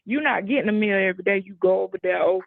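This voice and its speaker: A woman's voice: mid-range voice, rapid-fire, gravelly, no echo, narrow, tinny audio. A woman on a discussion panel, arguing emphatically and talking over the others. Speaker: panel guest.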